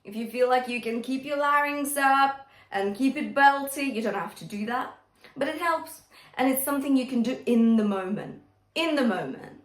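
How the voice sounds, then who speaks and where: A woman's voice: sits high, moderate pace, reverberant. A woman vocal coach teaching singing, often checking in with the listener as she explains. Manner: encouraging, checks in with "yeah?" and "okay?". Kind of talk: singing lesson with demonstrations.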